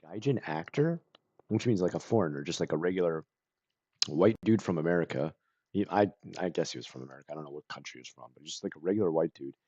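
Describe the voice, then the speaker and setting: A man chatting casually on a stream, rambling with lots of "like" and clearing his throat and coughing now and then. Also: low-pitched, animated, fast, darkish tone, dry recording, muffled recording. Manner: rambling, full of "like" and self-corrections.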